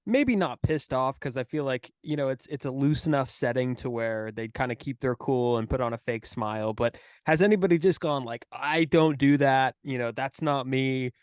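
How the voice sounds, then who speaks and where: A male podcast host asks his questions in a relaxed, casual manner. His voice is smooth and resonant, recorded close and dry with no room sound. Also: mid-range voice, moderate pace, few pauses, no room sound. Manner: relaxed, loosely phrased questions. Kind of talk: casual interview.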